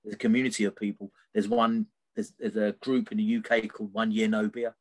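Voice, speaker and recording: A man's voice: on the low side, animated, fast talker, dry recording. A middle-aged man, a podcast guest telling a personal story candidly and loosely, often tagging sentences with "right?". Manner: rambling, keeps checking in with "right?".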